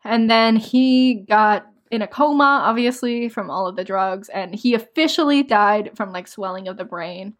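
Young woman, sarcastic book chat. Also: mid-range voice. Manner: sarcastic, quick asides with frequent laughs. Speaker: podcast co-host. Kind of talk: casual book discussion chat.

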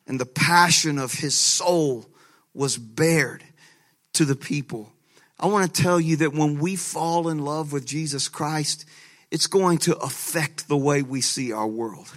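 A man pastor preaching a sermon, telling a lively story with laughter and frequent restarts. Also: a little high, measured pace.

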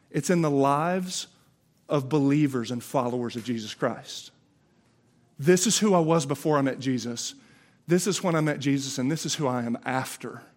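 A man preaching with a Southern US accent, his voice sitting a little higher than most men's. He talks to the congregation in a casual, impassioned way and stumbles through quick repeated restarts. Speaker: pastor. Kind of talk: Easter sermon.

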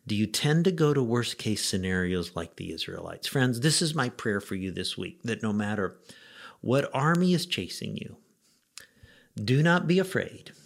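Middle-aged guy pastor, lowish gravelly voice, chatty devotional with wry rhetorical questions. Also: very animated, moderate pace. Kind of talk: short devotional sermon.

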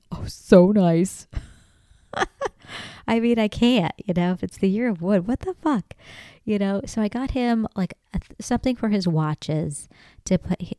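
A young woman talks alone on her podcast in a loose, swearing rant that keeps climbing into loud emphasis. Her voice sits a little low, mellow and smooth. The sound is dry and close. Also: dry recording. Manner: profane, ranting, gets loud and emphatic. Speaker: podcast host. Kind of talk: casual solo monologue.

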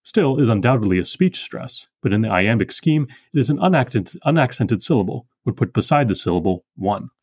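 A man hosting a poetry podcast, giving a precise, methodical close reading of a poem's meter and slowing down to sound out single lines. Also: medium pitch, expressive, darkish tone, slightly rough, no room sound. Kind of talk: close reading and metrical analysis.

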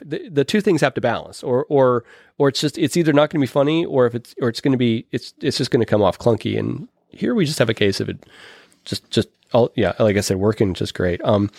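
Male podcaster, mid pitch, rambling and enthusiastic, dry close sound. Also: darkish tone, no room sound. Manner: rambling, many restarts, enthusiastic. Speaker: podcast host or guest discussing films. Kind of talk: casual chat.

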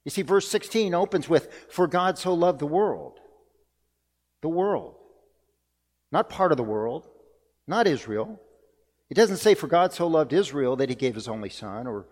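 A man's voice: fairly high pitch, lively intonation, a little slow, long pauses, a little mellow. A man delivering a sermon as pastor, earnest and reflective, repeating key phrases for emphasis. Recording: long reverb of a church hall.

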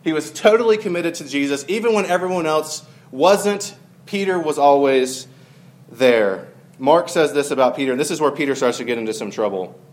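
A man's voice: a little high, expressive, normal speed. A man giving a casual, conversational sermon to a live audience, with many fillers and joking asides. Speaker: preacher.

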